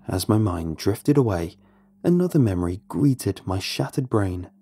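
Husky young man narrating horror, dark-toned. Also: on the low side, big pitch swings, unhurried, faint music behind. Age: young adult. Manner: tense, brooding first-person storytelling. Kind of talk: scripted horror story narration.

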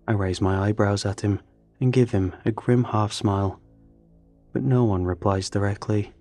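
A man reading a first-person story in a measured, tense storytelling manner. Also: lowish voice, steady tone, mellow, soft background music. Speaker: narrator. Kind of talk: scripted first-person narration.

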